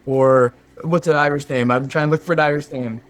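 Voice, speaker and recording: A man's voice: on the high side, fairly even intonation, a little fast, close to an everyday voice. A man playing a fawning, scheming Sherpa guide. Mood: mock-concerned. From Canada. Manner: fawning, mock-concerned, keeps saying sir. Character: scheming male Sherpa guide, overly polite. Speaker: podcast co-host. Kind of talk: improvised comedy sketch.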